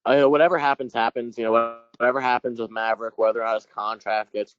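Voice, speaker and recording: A man's voice: mid-range voice, steady tone, quick pace, clean tone, dry recording, highs cut off. A man co-hosting a casual podcast, hesitant and filling his talk with 'like' and 'you know', swearing now and then. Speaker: podcast co-host.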